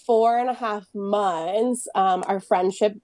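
A woman, a guest on a casual podcast, telling a personal story in an animated way, acting out what was said and laughing often. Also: mid-range voice, takes it slowly. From United States. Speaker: guest, photographer and business owner.

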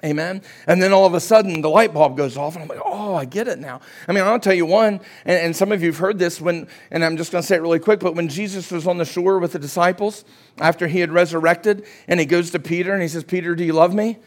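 High-voiced preaching pastor. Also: male voice, quick pace. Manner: preachy, keeps asking "Amen?"; rises to shouting at climaxes. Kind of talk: sermon.

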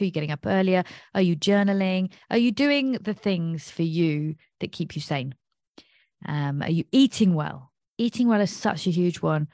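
A woman's voice: on the low side, dry recording, clean studio sound. A woman with a British accent, an astrologer hosting a casual livestream, rambling and thinking aloud as she talks. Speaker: astrologer host.

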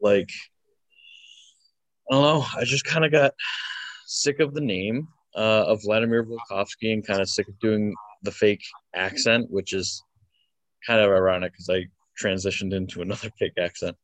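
A man's voice: on the low side, steady tone, normal speed, a bit bright, dry recording. A man in his twenties, a wrestler answering interview questions casually, hesitant and full of fillers, chuckling often. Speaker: wrestler guest.

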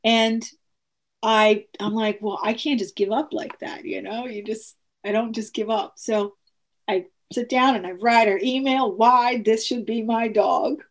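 A woman's voice: a little high, unhurried. Earnest woman telling a personal story. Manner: earnest, animated retelling with quoted dialogue; frequent restarts and fillers.

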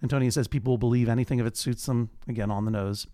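A man hosting a podcast, recapping a TV episode in a lively way and acting out the characters' lines. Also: mid-range voice, fast, no echo, studio quality. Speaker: podcast host.

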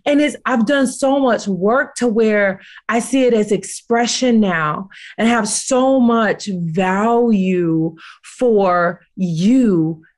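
A woman with a mid-range voice hosts a heartfelt conversation. She is effusive and affirming, warmly heaping praise and thanks. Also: medium pitch, slow pace, few pauses.

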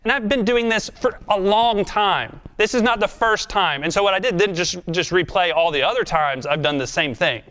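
A man's voice: sits high, normal speed, few pauses, sharp tone. Earnest conversational male pastor. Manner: earnest, conversational, self-deprecating. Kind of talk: sermon with closing prayer.

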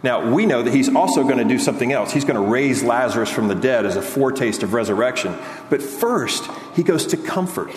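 A man preaching a sermon in an earnest way, rising and quickening with fervor, then dropping low on key lines. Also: lively intonation. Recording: echoey hall, faint background noise.

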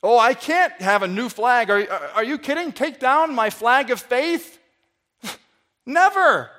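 A man's voice: very high voice, animated, slow, sharp tone, heavily acted. A man preacher voicing a zealous young male sailor who protests indignantly.

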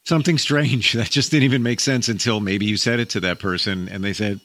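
A man hosting an interview, telling his own stories in a chatty, lively way. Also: fairly low pitch, brisk, hardly any pauses. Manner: chatty, lively storytelling with laughs. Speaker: interview host. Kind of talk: casual interview talk.

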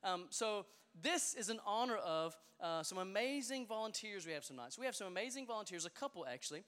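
High-voiced, quick, playful youth pastor. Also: male voice, expressive, a bit bright, smooth, long reverb tail. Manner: upbeat, playful, joking with the audience. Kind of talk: energetic crowd hype talk. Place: large hall with a live youth audience.

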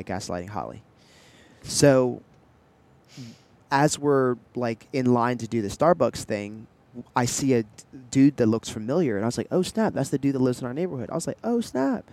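A young man co-hosting a casual podcast, telling animated stories and trying out silly accents. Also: mid-range voice. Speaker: podcast co-host. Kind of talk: casual chat.

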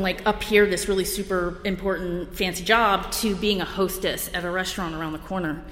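A woman's voice: mid-range voice, a bit bright. Blunt woman in an echoey hall. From New Jersey. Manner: blunt, self-deprecating and wry, with bursts of laughter. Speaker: recovery meeting speaker. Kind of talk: candid personal share at a meeting. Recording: echoey hall with long reverb.

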